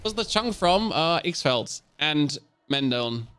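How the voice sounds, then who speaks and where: A man from Germany with a fairly high voice talks through his gameplay live. He answers questions from his chat in a joking way. His voice is recorded close and dry, with no room sound. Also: sing-song, takes it slowly, a bit bright, smooth, no room sound. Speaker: game streamer.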